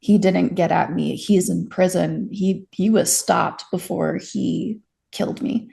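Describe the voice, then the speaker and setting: Young woman, heavy vocal fry, frank, self-deprecating, conversational interview guest. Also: fairly low pitch, fairly even intonation, unhurried, dark tone. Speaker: interview guest, stalking survivor. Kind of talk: candid conversational storytelling.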